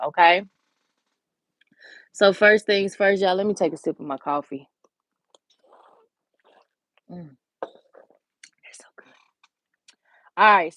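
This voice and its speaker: A woman hosting a nail art tutorial, chatting casually and encouraging viewers, sometimes dropping to a soft whisper while she works. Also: fairly low pitch, no room sound, muffled recording. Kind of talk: casual step-by-step tutorial chat.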